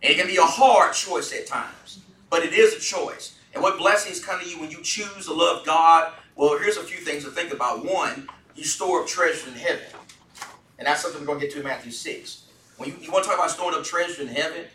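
A man leads a Bible study with a bright, forceful voice that sits a little high for a man. He earnestly puts questions to the group. The sound is roomy, caught from a distance. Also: brisk. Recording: echoey room from far off.

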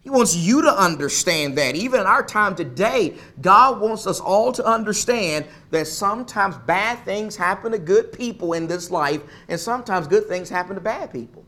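Male pastor, sermon delivery, high voice, emphatic repetition. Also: animated, normal speed, few pauses, pushed and bright. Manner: emphatic, repeats phrases for stress.

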